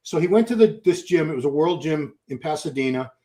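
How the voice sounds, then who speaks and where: A man with a fairly high voice hosts a podcast and spins gym stories. His delivery is animated and chatty, full of asides. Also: a little fast. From Boston. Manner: storytelling, animated. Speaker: podcast host. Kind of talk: casual chat.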